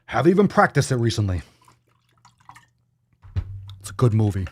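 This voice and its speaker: A man's voice: on the low side, lively intonation, moderate pace, pauses often, no room sound. Rambling, profane male podcast host. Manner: rambling, profane, thinking out loud. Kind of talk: casual livestream chat.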